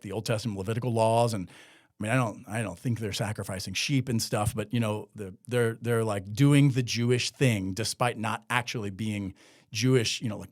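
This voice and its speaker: Male podcast host, sarcastic, casual, animated pitch, loose filler-heavy talk. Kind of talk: solo commentary podcast.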